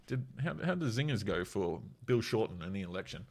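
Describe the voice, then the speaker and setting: A man's voice: fairly low pitch, big pitch swings, fairly quick, darkish tone. An Australian man with a cold giving blunt, sweary, mocking commentary in a casual political rant. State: has a cold.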